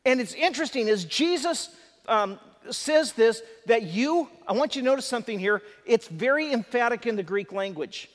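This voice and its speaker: A man's voice: extremely high pitch, expressive, normal speed. A man preaching a sermon to a live congregation, conversational and emphatic, with chatty asides. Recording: long hall reverb.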